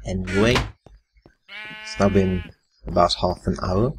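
A man's voice: low voice, steady tone, unhurried, background noise. A man giving casual gameplay commentary, muttering his thoughts aloud to himself. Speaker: let's play gamer.

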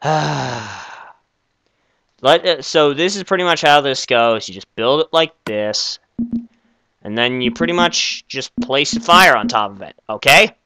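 A young man hosting a comedic game skit, excitable and easily flustered, stammering often. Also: mid-range voice, a little slow, no room sound. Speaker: video creator.

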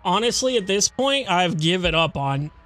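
A young man with a high voice comments on a horror game in casual, blunt bursts, swearing freely and talking back at the narration. He sounds close to a desk mic. Faint music plays behind him. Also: expressive, normal speed, fairly bright tone. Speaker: let's-play host.

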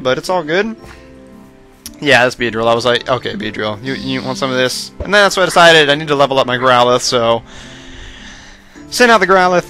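Young guy rambling over his game footage, kinda tired voice at 2am, jumps up loud when excited, faint music underneath. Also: mid-range voice. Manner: rambling, self-mocking, excitable outbursts. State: voice going hoarse late at night. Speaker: let's play host. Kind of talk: casual gameplay commentary.

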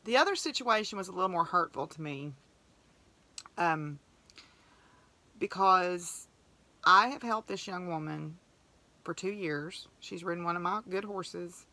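A woman's voice: fairly low pitch, measured pace, long pauses, sharp tone. A woman hosting a podcast, telling a story in a chatty, emotional way and acting out what people said. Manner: chatty, emotional, acts out quoted dialogue. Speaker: podcast host. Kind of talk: casual storytelling monologue.

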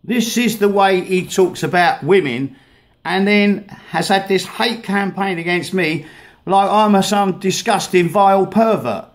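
A vlogger ranting angrily while playing clips of videos, swearing heavily and stumbling over repeated words. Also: male voice, high-pitched. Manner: swears heavily, halting and repetitive. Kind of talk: angry rant over played videos.

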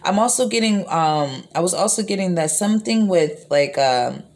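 Woman tarot reader, slightly low voice, recorded on a phone. Rambling, blunt, casual delivery. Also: expressive, moderate pace, darkish tone. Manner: rambling, repeats herself, frequent fillers; profane, blunt.

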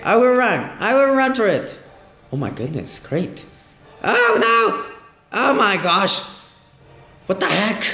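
A man gives excitable play-by-play of a mobile game, his slightly high voice swinging widely as he exclaims and repeats himself. The room rings with echo, and faint game music plays behind him. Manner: exclamatory, repeats phrases, frequent "oh my gosh". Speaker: gaming channel host.

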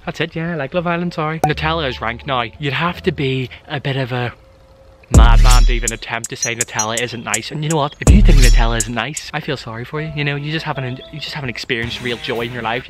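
A young man talking in a casual vlog, giving playful, exaggerated rants full of jokes. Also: medium pitch. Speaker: vlogger. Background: background music.

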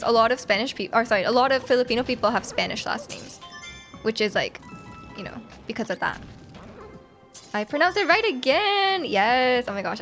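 A woman's voice: high voice, fairly bright tone. A woman live-streaming a video game, chatting casually with her chat, giggling often and reading messages aloud.

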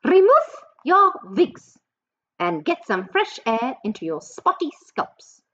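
A woman voicing a cruel, domineering old female witch leader, reading a storybook aloud in a harsh, shouted voice. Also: sits high, very animated, slow, lo-fi sound, a little hiss or hum, pitched above the performer's own voice, heavily acted. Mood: commanding.

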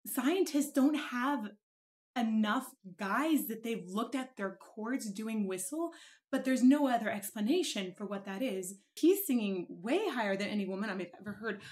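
A woman reacting to a singer and explaining why his high notes are so rare. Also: expressive, normal speed, a little mellow. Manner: explanatory, talks about vocal science. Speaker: music reactor. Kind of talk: reaction commentary.

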